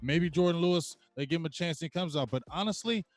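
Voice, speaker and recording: A man's voice: fairly high pitch, quick pace, no room sound. A man co-hosting a casual sports talk show, blunt and opinionated.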